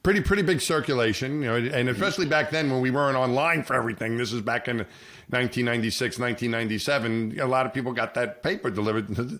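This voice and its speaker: Middle-aged man, podcast co-host, rambling anecdote, medium pitch, animated quotes. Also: quick pace. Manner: rambling, many restarts, animated when quoting people. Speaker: podcast co-host, former astronaut. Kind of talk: casual storytelling chat.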